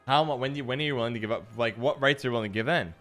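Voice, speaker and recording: A man's voice: medium pitch, very fast, fairly bright tone, faint music behind. A man livestreaming a card game, chatting casually with his viewers in a musing, self-deprecating way. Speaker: streamer. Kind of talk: casual livestream chat while gaming.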